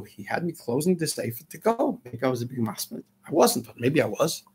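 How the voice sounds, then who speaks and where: Husky-voiced older New man ranting. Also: medium pitch, sing-song, brisk. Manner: ranting, frustrated, peppered with Yiddish and Hebrew terms. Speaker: radio show host. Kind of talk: impassioned radio monologue.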